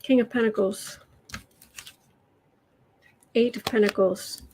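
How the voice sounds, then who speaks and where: Taking it slowly in a steady, mid-range voice, an American woman hosts a casual home tarot livestream, reading out viewer comments and murmuring gently to her cat. There's a little hiss or hum in the rough recording.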